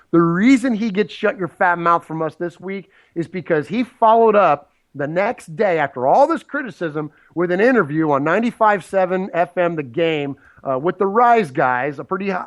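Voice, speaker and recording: A man's voice: sits high, animated, normal speed, few pauses. Indignant, rambling sports talk man. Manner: rambling, indignant, many restarts. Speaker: sports podcast co-host.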